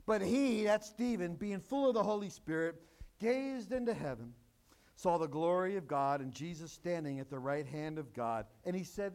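A man with a high-pitched voice preaching a sermon. He acts out the scripture he quotes and drives his points home by repeating them. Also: expressive, moderate pace, darkish tone. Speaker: pastor.

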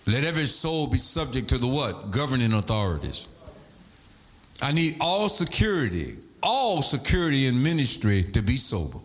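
A male pastor preaching a sermon, animated, shouting at times and sliding into a sing-song high voice. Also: normal speed.

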